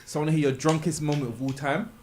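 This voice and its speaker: A man hosting a casual chat show, talking quickly and laughing often. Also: a little high, steady tone, a little mellow, slight background noise. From England. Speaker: podcast host.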